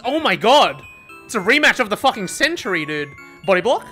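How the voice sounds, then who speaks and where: A man in his twenties commentating his own gameplay, excitable and swearing often, pleading and yelling at the game, voice going hoarse. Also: very high-pitched, fairly quick, soft background music. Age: 20s. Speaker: gaming YouTuber.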